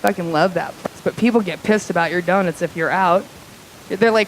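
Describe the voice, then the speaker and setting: A woman's voice: lowish voice, normal speed, slight background noise, rough recording. A woman performing a live stand-up set in a comedy club, with a profane, crude, conversational delivery.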